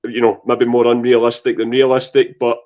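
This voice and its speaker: Man, football podcast analysis, measured, mid voice, dull lo-fi sound. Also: mid-range voice, completely flat delivery. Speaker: podcast co-host. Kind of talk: casual football chat. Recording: dull lo-fi audio.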